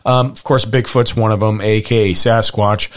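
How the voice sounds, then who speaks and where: A man's voice: lowish voice, fairly even intonation, normal speed. A man hosting a podcast, chatting casually from his notes with plenty of fillers and wry little asides. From Pacific Northwest. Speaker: podcast host. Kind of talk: casual chat reading from notes.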